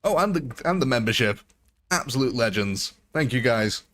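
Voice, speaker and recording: A man's voice: mid-range voice, animated, moderate pace, fairly bright tone. Chatty man hosting a game stream. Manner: chatty, jokey, laughs often. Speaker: live-stream host. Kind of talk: casual live-stream chat.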